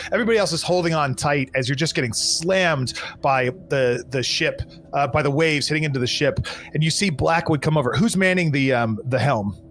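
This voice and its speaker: A man's voice: on the high side, fairly bright tone. A man running a live tabletop pirate game as game master, explaining rules and narrating a storm with restarts and fillers. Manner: rambling, restarts and fillers, brisk rules talk.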